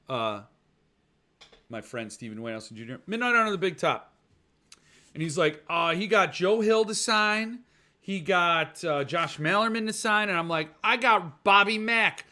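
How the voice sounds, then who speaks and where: Reading viewer comments on his casual podcast, a man rambles, rants and jokes, clowning with put-on voices. His voice is on the high side, bright and forceful.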